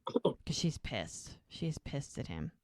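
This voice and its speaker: Her voice rumbling low, a woman takes her time recapping a TV episode as a podcast co-host. She casually retells scenes and voices the characters' lines with liveliness. The studio recording is clean, with no room sound.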